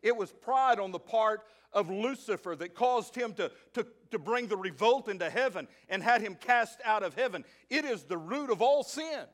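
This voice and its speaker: A middle-aged male pastor preaching a sermon to his church, swinging between loud emphasis and quiet asides, slowing down to read scripture. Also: high voice, expressive. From Arkansas, USA. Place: church sanctuary.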